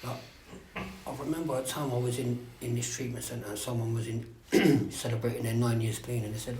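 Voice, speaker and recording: Sharing at a recovery meeting, a man rambles candidly about his life, swearing freely and frequently asking whether listeners know what he means. His mid-range voice is fairly quick and darkish with little pitch movement, and the meeting room sounds echoey with faint background noise.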